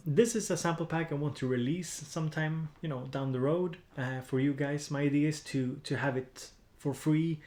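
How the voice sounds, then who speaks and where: A Swedish man with a mid-range, darkish voice chats casually on a music-production live stream, rambling with plenty of fillers and restarts as he edits samples. The sound is reverberant, with slight background noise.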